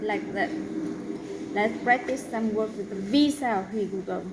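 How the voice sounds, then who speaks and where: A woman teaching a pronunciation lesson, saying each example word slowly and carefully. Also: medium pitch, noisy background. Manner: slow, deliberate, drawn-out example words.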